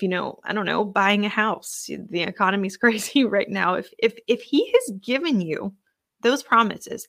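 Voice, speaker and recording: A woman hosting a podcast, sharing a personal faith testimony in an earnest, emotional way, halting and restarting her sentences. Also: mid-range voice, a bit bright, no echo, studio quality. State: overwhelmed with emotion. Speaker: podcast host.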